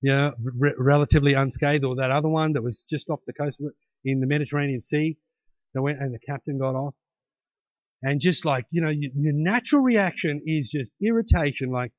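A man delivers a sermon in a slightly higher voice than most men, talking to the congregation as if chatting and often tossing in "hey?" to check they follow. The recording sounds dull and lo-fi, with a dry, close sound and no room echo. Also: fairly quick, a little mellow. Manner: conversational, with frequent "hey?" tags and restarts. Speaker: pastor.

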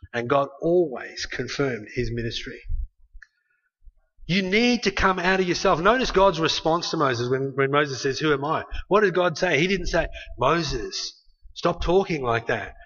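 Bright-voiced male preacher, lo-fi sound. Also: fairly high pitch, normal speed. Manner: conversational, animated preaching with tag questions. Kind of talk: sermon.

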